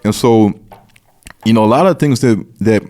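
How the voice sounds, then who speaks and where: Low, mellow-voiced man explaining earnestly. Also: normal speed. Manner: earnest, repeats and restarts phrases while explaining. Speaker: guest speaker on biblical history. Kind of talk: explanatory conversation.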